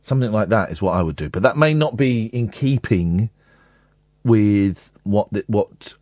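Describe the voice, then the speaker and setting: A man's voice: fairly low pitch, lively intonation, unhurried, a little mellow, dry recording. A man hosts a late-night radio phone-in, joking and rambling with a voice that swoops up and down. He slips into mock-sincere readings. The studio mic is close and dry. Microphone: studio microphone.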